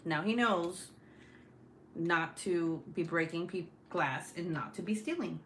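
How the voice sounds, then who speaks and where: Woman, 30s, crafting-stream host; unhurried, foul-mouthed chatter. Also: fairly low pitch, fairly bright tone, slight background noise. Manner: profane, rambling storyteller. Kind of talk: casual chat while crafting.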